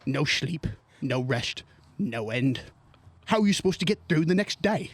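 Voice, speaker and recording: A man's voice: lively intonation, unhurried, breathy edge, no room sound, heavily acted. A man doing an impression of a famous British actor, brashly selling a product in a spoof ad. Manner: brash, rambling sales pitch, cracking up. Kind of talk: parody radio ad.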